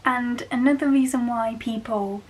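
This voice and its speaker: A woman's voice: a little high, steady tone, moderate pace, darkish tone, slight background noise, rough recording. A young woman from England with a Black Country accent, chatting casually to camera as a vlogger and laughing often. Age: young adult.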